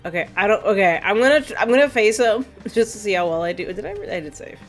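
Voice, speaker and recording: A woman's voice: medium pitch, expressive, fast talker, soft background music. A woman streaming a game, chatting casually and sarcastically as she plays, laughing often and sounding tired. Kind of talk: casual live-stream chat while playing.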